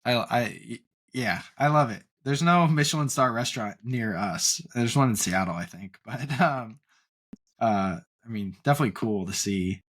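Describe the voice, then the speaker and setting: A young man co-hosting a podcast in casual chat, excitable and gushing, with lots of fillers and restarts. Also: mid-range voice, moderate pace. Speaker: podcast co-host.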